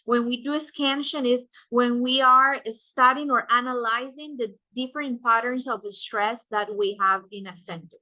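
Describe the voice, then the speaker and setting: Young woman teacher recording a lesson, kinda high voice, keeps asking "right?", lots of uhs. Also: fairly even intonation, normal speed, few pauses, pushed and bright, no echo, poor audio. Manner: explanatory, frequent "right?" checks and "uh" fillers.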